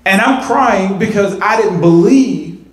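A high-voiced pastor delivers a sermon in a church sanctuary, taking it slowly while animatedly repeating himself for emphasis. The hall is roomy, and his voice echoes through it.

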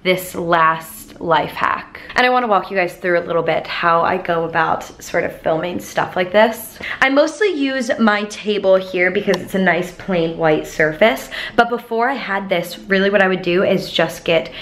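A woman's voice: fairly low pitch, moderate pace, hardly any pauses. Chatty young woman vlogging to camera. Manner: chatty and expressive, lots of "like". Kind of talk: casual vlog chat to camera.

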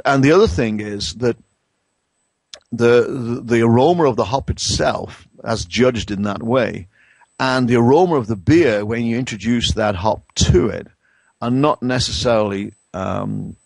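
A middle-aged man with an English accent, a brewing science professor explaining things in a conversational interview, pausing and restarting often. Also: on the low side, creaky, no echo. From England. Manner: hesitant, many restarts and fillers.

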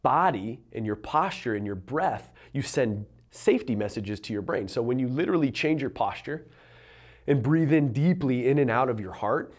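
A man's voice: medium pitch, animated. Earnest, emphatic male motivational coach. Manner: earnest, emphatic, slows down on key phrases. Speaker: entrepreneurship and mindset coach. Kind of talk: motivational talk to camera.

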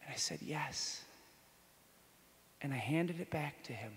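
High-voiced priest in a reverberant hall. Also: male voice, fast. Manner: animated, jokes with the audience, swings from hushed to excited. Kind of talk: conference talk, storytelling sermon.

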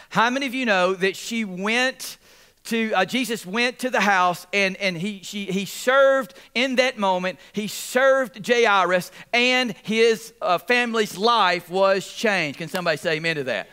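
This man preaches as a pastor in a high-pitched, clear, resonant voice, unhurried throughout. He repeats phrases with animated energy and calls out to the congregation for responses.

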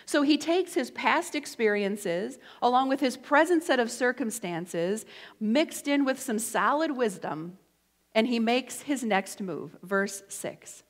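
A woman preaching a sermon in a lively, conversational way with playful asides. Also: on the high side, takes it slowly. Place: church sanctuary. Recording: echoey church hall.

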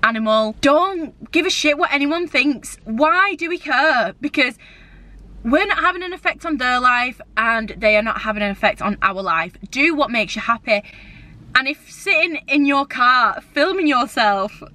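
A young woman, chatting giddily to a handheld camera in a casual vlog, getting loud when excited. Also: high voice, normal speed. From England. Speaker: vlogger. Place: in a car and out and about at a shopping centre. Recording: noisy background with traffic.

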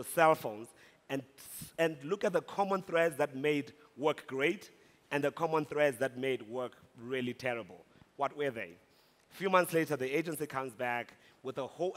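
A man from South Africa tells a funny story from a conference stage, getting louder and shouting at the punch lines. His voice sits slightly high for a man. A long hall reverb trails after each phrase. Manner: animated, humorous storytelling, rising into shouts. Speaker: speaker at a conference. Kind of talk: storytelling keynote talk.

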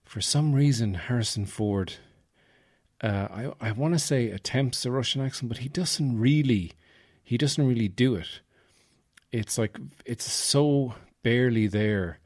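A man's voice: medium pitch, a little slow, darkish tone, no echo, studio quality. A man hosting a podcast in rambling, jokey casual chat. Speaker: podcast host.

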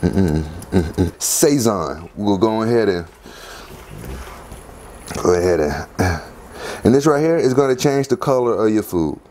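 Chatty low-voiced man demonstrating a recipe. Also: a little slow, long pauses, slight background noise. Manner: chatty, lively, punctuates steps with "boom". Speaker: home cooking video host. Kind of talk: casual cooking demonstration.

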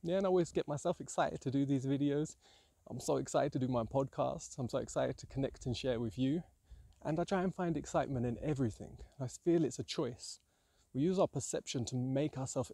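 A man's voice: mid-range voice, creaky, mellow, breathy edge, no room sound. A man talking earnestly in a rambling, reflective monologue, often saying "yeah" and "like". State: hungry, about 60 hours into a fast. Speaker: vlogger sharing fasting tips.

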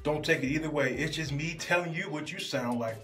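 A man's voice: a little high, fairly quick, a bit bright, reverberant, faint music behind. A young man delivers an exasperated, profane comedic rant to camera, full of rhetorical questions. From Baltimore, USA.

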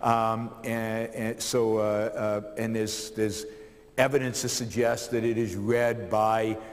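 A man's voice: fairly low pitch, level tone, takes it slowly. A man giving a public lecture to a live audience, telling a life story energetically, with many fillers and repeated words. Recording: long hall reverb.

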